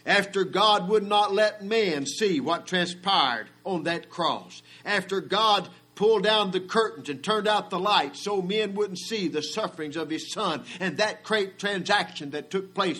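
A high-pitched man preaching, swelling to shouted climaxes and falling back to a low, hushed delivery. A faint electrical hum sits under the recording. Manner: swelling to a shout at peaks, then dropping low. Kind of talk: sermon. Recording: mains hum in the background.

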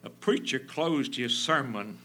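Forceful slow-preaching man. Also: mid-range voice. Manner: fervent, swinging from loud emphasis to near whisper; repeats phrases for emphasis. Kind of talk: sermon.

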